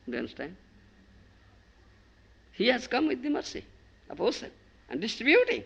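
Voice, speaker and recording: Male spiritual teacher, devotional sermon, emphatic, lively pitch, bright tone. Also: fairly quick, gravelly, long pauses, slightly rough, dull audio. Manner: emphatic, keeps asking if listeners understand.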